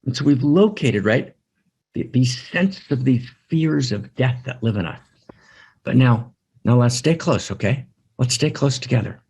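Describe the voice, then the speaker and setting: Man, spiritual teaching talk, husky voice, very animated pitch, emphatic, repetitive. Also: unhurried. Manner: emphatic, repeats phrases, asks "right?".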